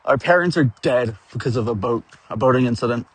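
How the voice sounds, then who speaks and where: A man's voice: mid-range voice, quick pace, breathy edge, no room sound. A man telling a rambling, profane story about his tabletop game, chuckling now and then as he goes. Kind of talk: rambling casual storytelling rant.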